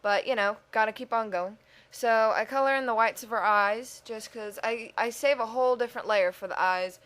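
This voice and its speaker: Speaking at medium pitch with a fairly bright tone, this video creator gives a chatty voice-over for her speed-drawing video. She rambles, pokes fun at herself, and talks to herself along the way.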